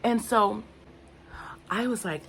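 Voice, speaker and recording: A woman's voice: a little high, slow pace, a bit bright, slight background noise. An older woman vlogging unscripted, candid and rambling, often searching for her words. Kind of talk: unscripted personal talk to camera.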